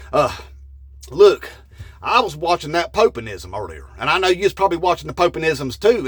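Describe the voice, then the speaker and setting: A man's voice: on the high side, a bit bright, no room sound, clean studio sound. A man doing a drawling conspiracy yokel. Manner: drawling, rambling, indignant. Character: dim-witted rural Southern male conspiracy fan. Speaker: comedy character creator. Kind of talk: satirical character monologue.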